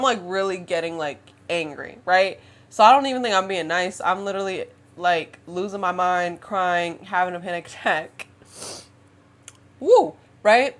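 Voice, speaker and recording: A woman in her twenties telling a dating story as a casual storytime vlog, chatty and animated, often laughing and calling her viewers y'all and girl. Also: medium pitch. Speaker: vlogger.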